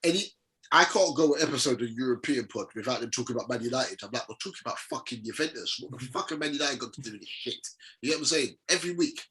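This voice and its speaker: A man's voice: medium pitch, expressive, quick pace, bright, forceful tone, rough recording. A man co-hosting a fantasy football podcast, teasing and laughing with his friends. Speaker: podcast co-host. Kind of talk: casual banter.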